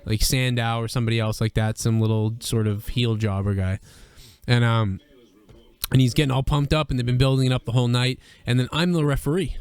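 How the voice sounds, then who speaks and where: A young man co-hosting a crude, rambling chat, often breaking into loud put-on voices. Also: mid-range voice, fairly even intonation, fairly quick, clear, resonant tone. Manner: rambling, slips into shouted wrestler impressions. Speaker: podcast co-host.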